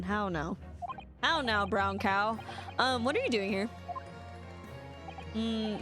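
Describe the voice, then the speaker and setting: Over game music, a woman with a voice on the high side chats and rambles while playing a video game, giggling often. She takes it slowly and pauses frequently.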